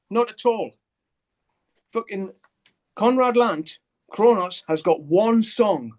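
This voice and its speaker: An older man with a fairly high speaking voice, talking over a video call. He tells his story bluntly and swears freely, acting out the lines of the people in it. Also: darkish tone. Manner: blunt, swears often, acts out quoted dialogue. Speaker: guitarist interviewee. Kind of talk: candid storytelling interview.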